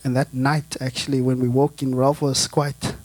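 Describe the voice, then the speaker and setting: A man's voice: medium pitch, level tone, moderate pace, a little mellow, no echo. A South African man, a guest missionary, casually telling stories to a church audience, laughing often and repeating words as he talks.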